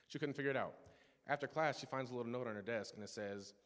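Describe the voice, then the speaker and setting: In a church sanctuary full of long reverb, a teenage boy shares his testimony earnestly, talking fast in a mid-range, fairly bright voice. His stories keep restarting and wandering into asides.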